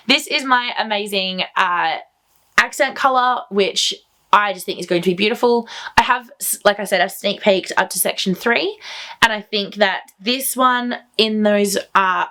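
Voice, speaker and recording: A woman hosting a knitting video, talking casually and eagerly straight to her viewers. Her voice sits at an ordinary middle pitch, and she rambles happily from one thought to the next. It sounds like an easygoing chat recorded at home. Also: bright, forceful tone. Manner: enthusiastic, chatty, rambling. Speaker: knitting podcast host.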